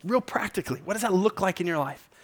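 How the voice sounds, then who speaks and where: A man's voice: sits high, expressive, fast talker. Conversational man preaching a sermon. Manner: casual, conversational preaching with storytelling; emphatic, urging the listeners directly. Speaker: pastor.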